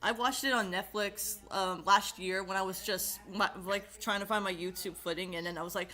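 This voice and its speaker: Giggly bright-voiced woman in her twenties. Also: fairly low pitch, level tone, a little fast. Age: 20s. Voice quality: nasal at times. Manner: giggly, chatty, self-conscious. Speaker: host. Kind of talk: casual chat.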